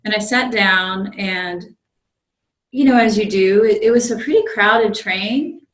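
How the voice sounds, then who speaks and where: A woman priest telling a story in a relaxed dharma talk, with frequent fillers and restarts. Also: mid-range voice, a little slow. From United States. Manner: conversational, many fillers and restarts. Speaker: visiting Zen priest giving a dharma talk. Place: meditation group room. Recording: roomy echo.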